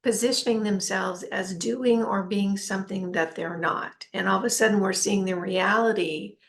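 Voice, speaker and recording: A woman's voice: medium pitch, normal speed, creaky. A woman hosting a casual interview who speaks reflectively and laughs easily.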